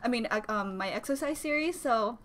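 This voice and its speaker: A woman reacting to a music video, with excitable, gushing exclamations and a little out of breath. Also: on the high side, brisk. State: slightly out of breath. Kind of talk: casual reaction commentary. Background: music video playing.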